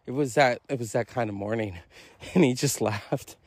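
A man's voice: mid-range voice, moderate pace, dry recording. A man rambling through a casual, self-recorded solo monologue, chuckling often and swearing freely. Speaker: podcast host. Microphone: self-recorded voice message.

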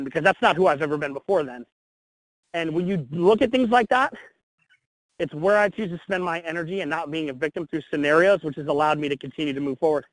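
A man in his forties with a high voice talks bluntly and with energy, swearing casually as he tells his story. The sound is close and dry, with no room around it. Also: quick pace, no room sound, poor audio. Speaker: guest. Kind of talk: candid interview storytelling.

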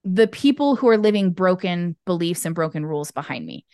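A woman guest talking candidly in an interview over a video call, expressive and acting out the voices she quotes. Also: fairly low pitch, brisk, no room sound, studio quality. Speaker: podcast guest, intuitive business owner. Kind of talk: candid conversational interview talk.

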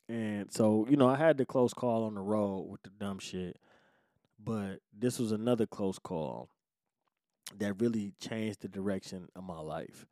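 A man hosting his own show, telling a story from his life in casual, profane street slang and swinging from low muttering to loud outbursts. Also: unhurried, no echo, studio quality. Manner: profane street slang, acts out quoted voices.

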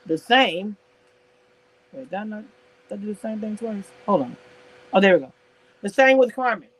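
A woman's voice: medium pitch, expressive, moderate pace, slightly rough, poor audio. A woman hosting a casual live stream about reality TV, sassy and laughing often as she answers her viewers in chat.

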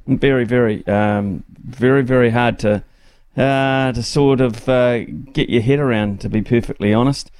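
A man with a New Zealand accent hosts a talkback radio show from the studio mic, his voice sitting in an ordinary middle pitch. He talks conversationally, stumbling through plenty of ums and restarts. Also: fairly even intonation, a little slow, a little mellow, smooth.

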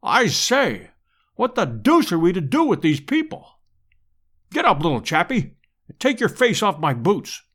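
A man's voice: sits high, huge pitch swings, unhurried, a bit bright, slightly rough, heavily acted. A man reading an audiobook and voicing a hearty, blunt aristocratic English hunter with clipped slang. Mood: bluff. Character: bluff aristocratic English hunter, male, middle-aged.

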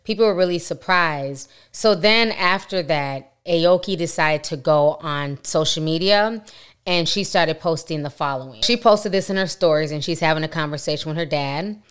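A woman hosting a celebrity gossip commentary, retelling events and reading posts aloud in a measured, matter-of-fact way. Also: low-pitched, a bit bright, smooth. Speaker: commentary channel host.

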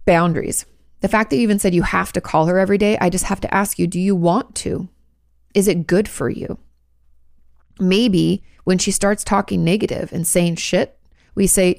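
A woman's voice: lowish voice, fairly even intonation, moderate pace, vocal fry, a little mellow, dry recording, clean studio sound. A woman therapist giving direct, reassuring advice in answer to viewers' questions. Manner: direct and reassuring, coaching the listener.

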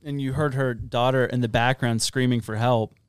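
A man's voice: medium pitch, fairly even intonation, moderate pace, smooth, dry recording. A man from Florida hosting a casual podcast, rambling with lots of fillers while telling stories. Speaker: podcast host. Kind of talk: casual chat.

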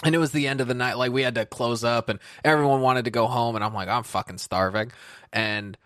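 A man's voice: mid-range voice, fast talker, a bit bright, dry recording, studio quality. A man telling rambling, self-deprecating stories in a casual chat, as a podcast co-host.

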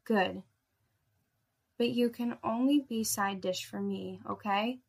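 A woman reading the lines of a cocky, teasing young man in a low, hushed voice. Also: slow, gravelly. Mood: smug.

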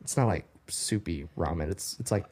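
A man's voice: deep voice, moderate pace, a little mellow. A young man co-hosting a podcast, chatting casually and joking around with his friends. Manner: joking, playful. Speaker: podcast co-host. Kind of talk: casual chat.

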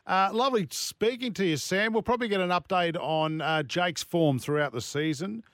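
An Australian man hosts a relaxed radio chat, joking and chirpy with his guests. His voice sits fairly high. The studio sound is close and dry. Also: normal speed, no room sound. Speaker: radio host. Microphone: studio mic.

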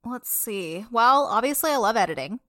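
A woman's voice: fairly high pitch, expressive, normal speed, fairly bright tone. A young adult woman co-hosting a podcast in casual chat, swearing and laughing often. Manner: laughing, swearing, giggly banter. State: laughing to tears. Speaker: podcast co-host.

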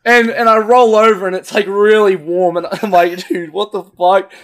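A man's voice: high voice, normal speed. A young man casually telling a rambling drinking story among friends, swearing often. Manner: swears a lot, rambling and animated. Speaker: podcast co-host telling a story.

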